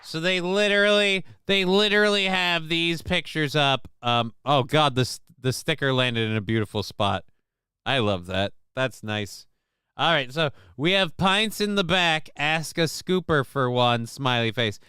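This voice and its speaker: Bright, crisp-voiced sarcastic male streamer. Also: on the high side, measured pace, no room sound, studio quality. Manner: sarcastic, crude, rambling with fillers. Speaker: live-stream show host. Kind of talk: casual live-stream commentary reading chat.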